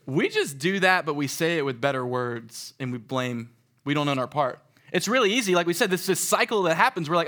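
A young man giving a sermon to a live audience in a room, talking in a casual, animated way and acting out stories. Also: a little high, brisk. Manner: animated, conversational, acts out stories. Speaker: youth speaker.

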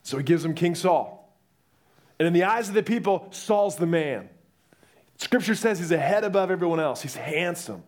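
A young man preaching a sermon, telling the story in a lively way and acting out the voices. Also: fairly high pitch, normal speed.

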